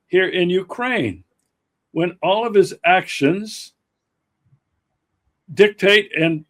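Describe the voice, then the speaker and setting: A man hosting a political talk show, speaking slowly and emphatically with frequent fillers and restarts. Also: a little high. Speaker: podcast host. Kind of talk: political commentary chat.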